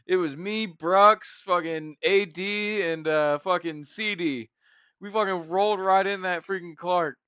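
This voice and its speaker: A man with a fairly high, bright and forceful voice rambles through stories in a loose podcast chat, swearing often. The sound is dry and close but dull and lo-fi. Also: measured pace, clear, resonant tone, no echo. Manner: rambling, laughing, swears a lot. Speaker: podcast co-host. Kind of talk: casual storytelling chat.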